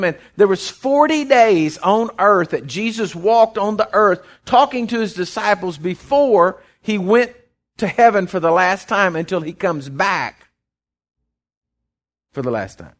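A man preaching a folksy sermon, often repeating words as he goes. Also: high voice. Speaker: pastor.

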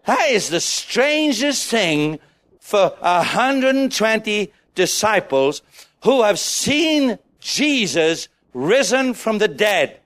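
A male preacher delivering a sermon in a high-pitched voice that leaps up and down. He urges the congregation to shout their answers. He keeps it playful, acting out small scenes as he goes. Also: very animated, takes it slowly. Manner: exhorting, calls on the congregation to shout; playful, jokes and acts out little scenes.

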